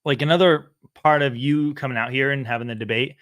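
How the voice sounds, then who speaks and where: Young man, podcast host, rambling, mid pitch, dry close-mic sound. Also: steady tone, a little fast, fairly bright tone, dry recording. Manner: rambling, many fillers and restarts. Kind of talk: casual interview talk.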